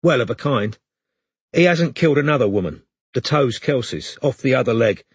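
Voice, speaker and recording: A man's voice: mid-range voice, animated, normal speed, breathy edge, no echo. A man voicing a male police detective with dry gallows humour, in an audiobook reading. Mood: sardonic.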